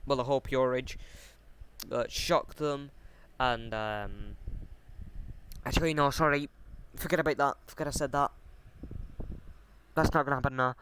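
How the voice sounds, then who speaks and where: Guy rambling through a fan story, mid-pitch voice, lots of ums and restarts, swears casually. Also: fairly even intonation, moderate pace, pauses often, a bit bright, slight background noise.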